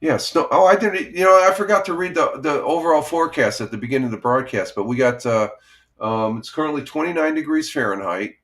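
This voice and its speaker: A man's voice: fairly high pitch, a little fast, fairly bright tone. A middle-aged man with a cold, hosting a casual morning live stream from home, rambling with lots of fillers and small laughs. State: has a cold. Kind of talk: casual chat reading viewer comments. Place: home, by a window.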